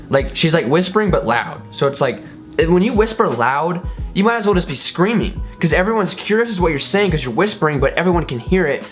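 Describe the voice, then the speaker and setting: A man's voice: on the high side, big pitch swings, fairly quick, soft background music. A young man in his twenties co-hosting a casual story time chat, joking and teasing. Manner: joking, teasing, acts out loud shouts. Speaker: co-host.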